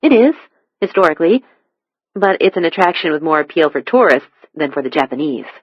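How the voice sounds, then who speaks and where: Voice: mid-range voice, big pitch swings, a little fast, dry recording. An audiobook reader voicing Joanna, a gracious American woman who runs a club in Japan, in a dull, dry close recording. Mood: teasing. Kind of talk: audiobook dialogue.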